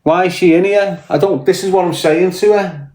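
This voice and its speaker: Worn out mentally after hours live, this Scouse streamer from Liverpool rants bluntly and swears his way through a casual stream. He speaks at a moderate pace in a high-pitched, slightly mellow voice, with roomy echo in the recording.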